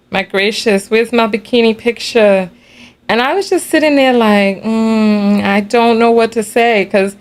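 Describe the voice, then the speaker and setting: A woman hosting a casual livestream, telling a story in an animated, chatty way and laughing between remarks. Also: mid-range voice. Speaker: livestream host.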